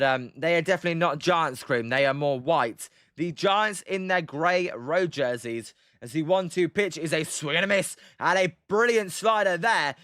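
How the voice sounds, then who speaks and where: British man, young, high bright voice, clear dry sound, casual livestream baseball commentary, rambling with lots of ums. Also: no room sound. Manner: rambling, frequent ums, answers chat by name. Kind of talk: casual play-by-play with chat replies.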